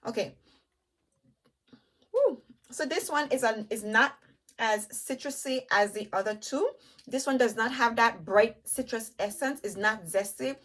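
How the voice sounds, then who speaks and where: A woman's voice: a little high, a bit bright. Chatty woman reviewing perfumes. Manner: chatty, enthusiastic, addresses viewers as "you guys"; lists notes while smelling, with pauses and restarts. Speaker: beauty vlogger.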